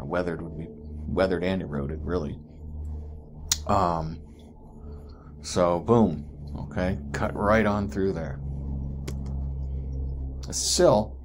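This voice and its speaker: A man's voice: low-pitched, a little hiss or hum. A man teaching geology in a chatty recorded lecture, often asking "right?" and correcting himself as he goes.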